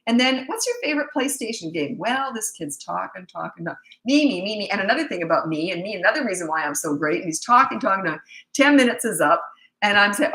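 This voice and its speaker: A middle-aged woman coaching parents, telling a story in a direct, no-nonsense, animated way. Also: medium pitch, fast talker, echoey room, rough recording. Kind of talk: casual storytelling advice.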